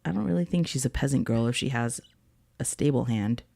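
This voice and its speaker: A co-host with a gravelly, creaky voice at a middle pitch, in casual podcast chat. The voice asks questions and gently teases the other host. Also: brisk.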